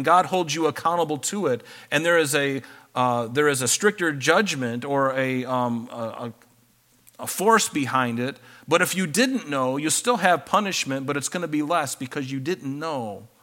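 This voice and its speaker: Bright-voiced man preaching. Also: a little high. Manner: reads scripture aloud, then explains it conversationally. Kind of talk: sermon.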